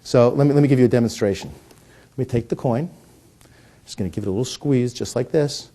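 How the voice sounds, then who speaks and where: A little fast but with long pauses, a middle-aged man's dark, mid-range voice carries joking, punny coin-magic patter. He goes on to explain the trick, often restarting his words.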